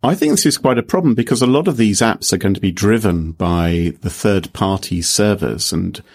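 A man's voice: lowish voice, animated, moderate pace, vocal fry, darkish tone. A man co-hosting a casual tech podcast, with jokey, playful asides. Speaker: podcast co-host.

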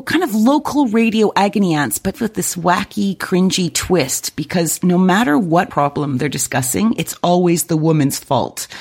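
A woman's voice: on the low side, husky. A woman co-hosting a podcast, chatting casually and telling a story in a bubbly way. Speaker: podcast co-host. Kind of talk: casual chat.

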